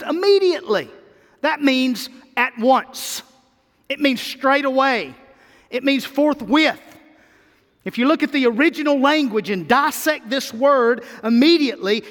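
A male pastor with a very high voice delivers a sermon in a church. He swings between booming emphasis and quick, hushed stretches. His voice rings out with a long hall echo. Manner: preaches with swings between loud emphasis and quiet fast talk.

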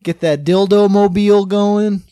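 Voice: medium pitch, steady tone, unhurried, mellow, smooth, no echo. A crude, sardonic co-host riffing through a casual movie recap in a mid-range voice. The recording is dry and close, with no room sound. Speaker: podcast co-host.

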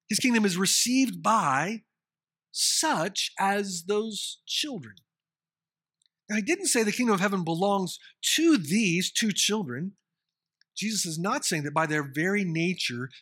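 A man with a fairly high, bright voice and a husky edge delivers a sermon. He reads scripture and then explains it earnestly, repeating his key points for emphasis. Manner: measured, earnest preaching with emphatic repetition. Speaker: pastor.

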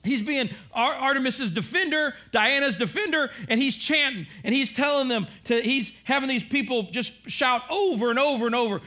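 A man preaching a sermon, telling the story in an animated way, acting out voices and rising to shouts. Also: very high voice, a little fast, hardly any pauses. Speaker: pastor.

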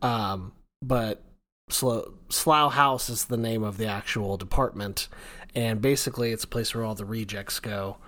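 A man's voice: on the low side, unhurried, fairly bright tone. Young male podcast co-host, casual and jokey, rambles a bit while chatting. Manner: jokey, rambling, self-mocking.

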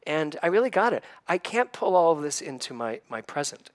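A man's voice: a little high, sing-song, fairly quick, few pauses. A man in his sixties giving a conversational sermon, earnest and personal, telling stories and asking his listeners questions. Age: 60s. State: slightly emotional. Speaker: church speaker.

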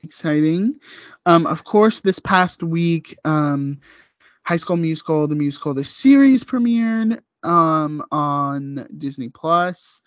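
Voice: mid-range voice, expressive, takes it slowly, dry recording. Casting: upbeat podcast co-host, news roundup with fillers, dry dull lo-fi audio. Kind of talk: casual chat.

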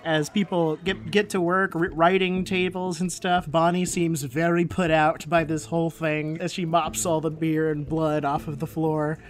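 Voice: mid-range voice, flat delivery, moderate pace, hardly any pauses, slight background noise. Casual game master narrating. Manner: casual, laughing often, with filler words.

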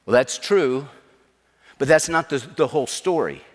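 Middle-aged pastor preaching, kinda high voice, punchy, long church-hall echo. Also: male voice, expressive, normal speed. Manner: emphatic, repetitive preaching. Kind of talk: sermon.

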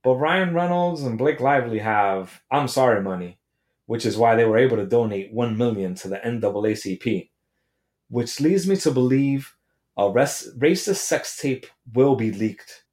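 A man's voice: medium pitch, lively intonation, normal speed, darkish tone, reverberant. A man hosting a podcast, telling a comedic story in a brash, profane rant. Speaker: podcast host. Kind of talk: comedic monologue.

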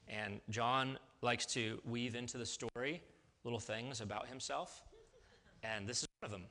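A man pastor giving a sermon in a lively, conversational way, often checking in with his listeners. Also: mid-range voice.

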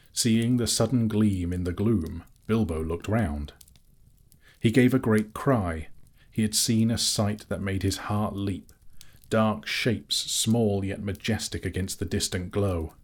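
A man reading a fantasy novel aloud as an audiobook narrator, in measured, steady storytelling. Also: lowish voice, slightly rough. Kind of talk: scripted narration.

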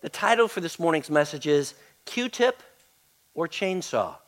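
Man, pastor, sermon, high voice, conversational, repeats himself. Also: very animated, a little slow. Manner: conversational, repeats words, varies loudness widely. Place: church sanctuary.

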